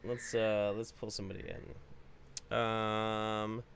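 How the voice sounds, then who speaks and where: A man's voice: fairly low pitch, completely flat delivery, slow pace, a bit bright, clear, resonant tone. A man co-hosting a podcast in casual, sarcastic chat and swearing freely. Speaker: podcast co-host.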